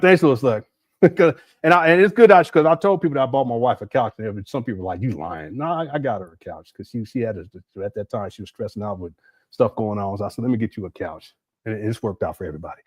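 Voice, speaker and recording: A man talking casually on a livestream, breaking into laughter often as he reads viewer messages. His pitch swings widely from low mutters to high exclamations, and the sound is dry and close. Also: dry recording. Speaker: livestream host.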